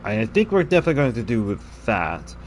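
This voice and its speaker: Chatty, lively-voiced male game streamer. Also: mid-range voice, a little fast, soft background music. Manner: chatty, thinks aloud, frequent laughs. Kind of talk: casual gameplay commentary.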